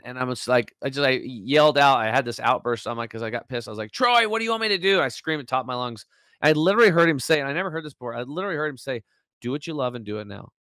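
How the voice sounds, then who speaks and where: A man with a mid-range, fairly bright voice speaks as a video-call interview guest, the recording dry and close. He recounts his story with emotion, voicing people's words himself and relying on fillers and restarts.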